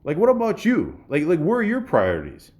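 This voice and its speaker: A man's voice: a little high, wildly swooping pitch, fairly quick, a little mellow. A man hosting a podcast, telling a story casually with laughs, swearing and many restarts. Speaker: podcast host.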